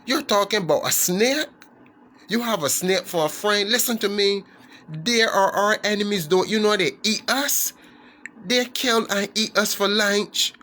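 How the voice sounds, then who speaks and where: Give me an alarmed father frog, high and sharp, acted by a man. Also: unhurried. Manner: agitated, warning.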